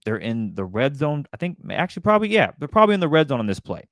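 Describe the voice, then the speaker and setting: A man's voice: mid-range voice, sing-song, fast talker, a bit bright, dry recording, studio quality. Man breaking down football plays. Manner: casual, breaks down plays in detail. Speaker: co-host. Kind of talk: football analysis chat.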